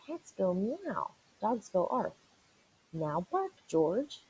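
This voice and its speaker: A woman's voice: mid-range voice, sing-song, extremely slow, a little mellow, slightly rough, heavily acted, low-quality recording. A woman voicing a patient mother dog who firmly scolds her puppy in a sing-song storybook reading. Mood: scolding.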